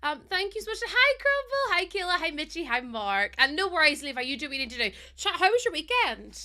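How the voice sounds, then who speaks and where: A woman's voice: very high voice, big pitch swings, a little fast, pushed and bright. A woman live streamer chatting casually and giggling as she greets her chat.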